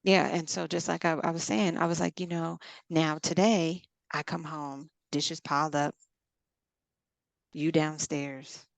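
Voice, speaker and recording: A woman's voice: low-pitched, level tone, unhurried, creaky, no room sound. A middle-aged woman in casual chat, telling stories and quoting others in dialogue as a podcast co-host.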